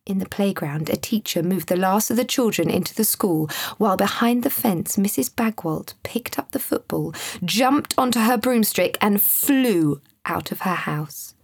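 A woman reading a children's story aloud in a gentle, expressive way. Her voice is a little husky and sits at a middle pitch. The recording is close and dry. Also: normal speed, dry recording. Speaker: narrator.

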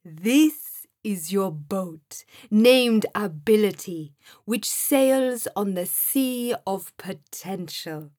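A woman voicing a wise, loving guide who speaks slowly and softly. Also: medium pitch, lively intonation, no echo, studio quality. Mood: warm.

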